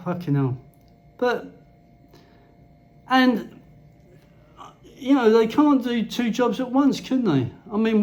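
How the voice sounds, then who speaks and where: A man with a high-pitched voice rants to the camera in a loose, rambling way. He is blunt and swears freely, talking like a casual vlogger in the Philippines. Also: darkish tone.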